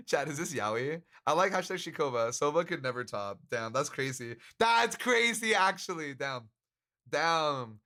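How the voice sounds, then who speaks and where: A man's voice: medium pitch, unhurried, pushed and bright. A man streamer chatting casually with his live audience, joking, laughing often and swearing freely. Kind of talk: casual livestream chat. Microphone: handcam stream mic.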